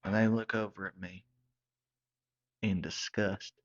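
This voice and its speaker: A man telling a comic story in a folksy, deadpan manner. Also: lowish voice, unhurried. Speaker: comedic storyteller. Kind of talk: comedic character monologue. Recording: slightly dull lo-fi sound.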